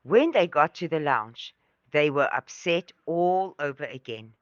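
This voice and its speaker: Slow, expressive woman storyteller. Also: sits low, dry recording, lo-fi sound. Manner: slow, expressive, sing-song. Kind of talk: storybook narration for children.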